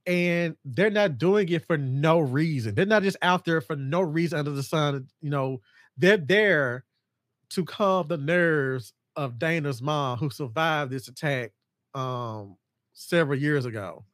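A man hosting a casual podcast chat about horror films, excitable and jumping into high voices to act out scenes. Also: a little slow, no echo, studio quality. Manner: animated, acts out scenes in a high mocking voice. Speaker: podcast host.

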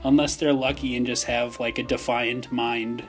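A young man with a Minnesota accent, co-hosting a casual podcast chat, telling animated stories and laughing often. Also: medium pitch, moderate pace, soft background music. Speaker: podcast co-host.

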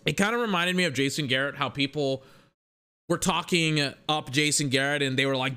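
A man's voice: medium pitch, normal speed, bright, forceful tone, clear, resonant tone. A young man in a casual, rambling sports rant that is profane and full of self-corrections.

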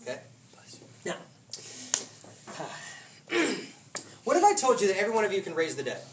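Animated male preacher in a roomy hall. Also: sits high, normal speed. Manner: animated storytelling with laughs and voiced asides. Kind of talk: casual sermon. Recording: roomy hall from a distant mic with noise.

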